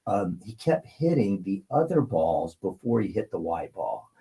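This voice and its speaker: Husky-voiced man telling an emotional story. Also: deep voice, big pitch swings, unhurried, warm tone, low-quality recording. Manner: rambling, filler-heavy, emotional. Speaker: guest.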